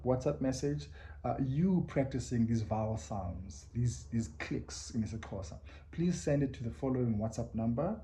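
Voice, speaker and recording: A man's voice: medium pitch, dark tone. Patient man teaching pronunciation. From South Africa. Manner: patient, drills words syllable by syllable with many repeats; invites listeners to repeat along. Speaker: language teacher. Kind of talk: bilingual pronunciation lesson.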